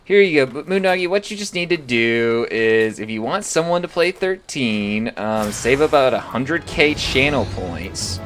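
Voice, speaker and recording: A man's voice: medium pitch, expressive, measured pace, hardly any pauses, fairly bright tone, soft background music. A young man talking casually on a live stream, rambling and swearing freely.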